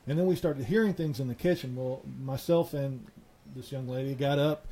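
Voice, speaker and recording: A man, a guest on a talk show, telling a ghost story in a halting way. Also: mid-range voice, mellow, low-quality recording. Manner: halting, full of restarts and fillers.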